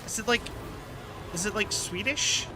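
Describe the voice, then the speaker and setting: A man streaming a video game, chatting casually and thinking out loud with lots of filler words. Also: high voice, a little slow, background noise. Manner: rambling, thinks aloud with many fillers. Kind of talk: casual gaming stream commentary.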